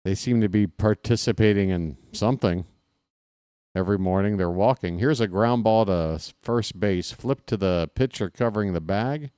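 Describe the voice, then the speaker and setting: Male play-by-play streamer, lower register, smooth resonant tone, dry close mic, rambling comic asides. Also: moderate pace, mellow, no echo. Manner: rambling, jokey, talks to chat viewers. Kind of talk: casual baseball commentary with chat.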